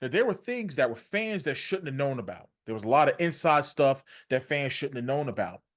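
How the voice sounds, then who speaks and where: A man's voice: expressive, brisk. A man hosting a podcast, talking in a conversational and emphatic way. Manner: conversational, emphatic, rising pitch when reacting. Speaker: podcast host. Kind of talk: casual podcast discussion.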